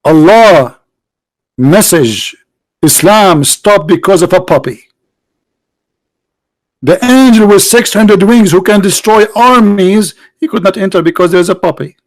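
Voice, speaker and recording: A man's voice: high voice, expressive, a little slow, no echo, poor audio. Man, livestream host, sarcastic and mocking, rhetorical questions, non-native English, dry close sound.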